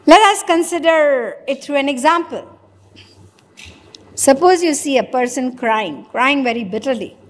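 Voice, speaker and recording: In a hall with long reverb, a woman gives a sermon in a high, unhurried voice. As a spiritual lecturer, she leans on rhetorical questions and plays out imagined dialogues.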